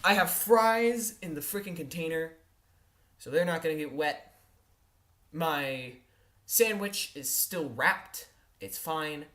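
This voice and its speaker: A woman telling a comic personal story in an animated, exaggerated way, often checking in with her listeners and tossing in mild curses. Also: deep voice, takes it slowly, pauses often. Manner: animated and exaggerated, with frequent "all right?" check-ins; mild exasperated cursing.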